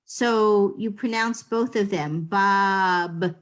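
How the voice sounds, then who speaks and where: A woman's voice: mid-range voice, lively intonation, unhurried. A woman leads a beginners' class over a video call. She explains each point patiently and plainly, sounding out letters for her students. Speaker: Hebrew teacher. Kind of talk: online class teaching.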